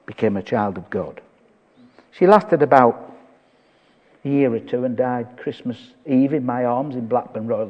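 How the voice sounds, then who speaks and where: A man's voice: mid-range voice, slightly rough. An older man, preaching a sermon and telling stories with quoted dialogue. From England. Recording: dull echoey hall.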